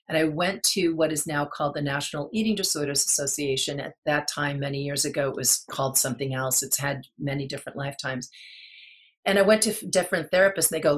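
Brief: middle-aged woman, low voice, earnest and halting, interview guest recounting her past. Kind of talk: personal storytelling in an interview.

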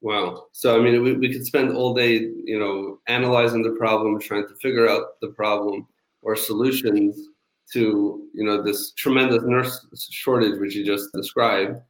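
A man hosting a podcast and interviewing a guest in a measured way, often using filler phrases. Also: on the low side, fairly even intonation, no room sound. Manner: measured, with frequent "you know" fillers. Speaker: podcast host.

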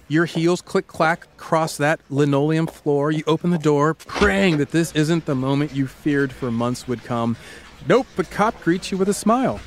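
A man hosting a podcast, telling a true-crime story to his co-host in a playful, dramatic way, slowing down for scene-setting. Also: a little high, slight background noise.

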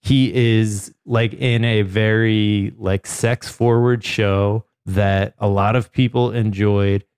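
Gravelly, joking male podcast host. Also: fairly low pitch, little pitch movement, takes it slowly, few pauses, a little mellow, no room sound, studio quality. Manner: joking, rambling, swears casually. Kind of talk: casual comedic chat.

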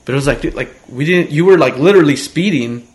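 A man's voice: fairly high pitch, expressive, fast. Laid-back man, filler-heavy chat. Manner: loose, filler-heavy talk with many "like"s. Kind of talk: casual chat.

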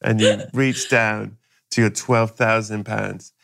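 A man's voice: lowish voice, little pitch movement, slow, creaky, a bit bright. A man hosting a podcast, spinning absurd comic stories and acting out voices. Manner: playful, spins absurd scenarios, acts out voices. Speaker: podcast host. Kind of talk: comic improvised storytelling.

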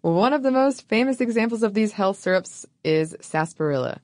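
A woman co-hosting a casual history podcast, deadpan and jokey as she reads her part. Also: medium pitch, a little fast, no room sound, clean studio sound. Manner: deadpan, jokey, laughs at own lines. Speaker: podcast co-host.

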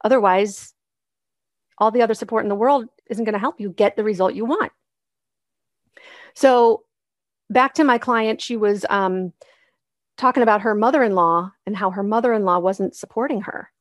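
A woman's voice: medium pitch, normal speed, long pauses, no echo, studio quality. A woman hosting a solo podcast, coaching moms in a casual, encouraging way and acting out the voices she quotes.

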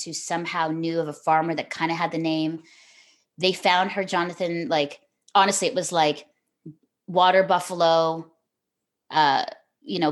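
A middle-aged woman, a television host speaking as a podcast guest, telling a personal story earnestly and from the heart, with frequent restarts. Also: sits low. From Canada.

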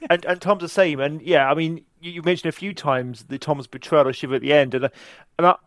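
Quick-talking man on a dry mic. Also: a little high, steady tone, no echo. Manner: chatty, agreeing, filler-heavy. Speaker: podcast host. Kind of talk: casual podcast discussion.

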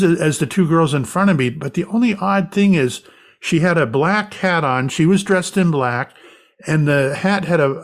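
A man guest in an interview, a medium, recounting an experience as a lively anecdotal storyteller. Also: fairly high pitch.

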